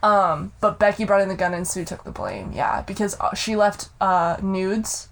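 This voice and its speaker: A young woman co-hosting a casual podcast, chatty and quick to laugh as she recaps a show. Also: mid-range voice, a little hiss or hum. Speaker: podcast co-host. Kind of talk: casual chat.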